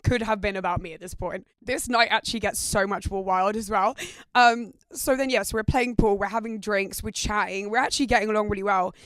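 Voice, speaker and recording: A woman's voice: mid-range voice, a little fast, a bit bright, dry recording, soft background music. Young British woman podcast host, candid and profane, chatty rambling delivery, mid-range voice. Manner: candid, sweary, heavy use of "like". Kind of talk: casual storytelling chat.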